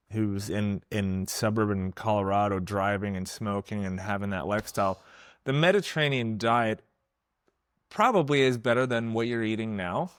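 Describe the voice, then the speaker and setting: Man, podcast host, fairly low voice, dry close mic. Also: no echo. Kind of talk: casual conversation.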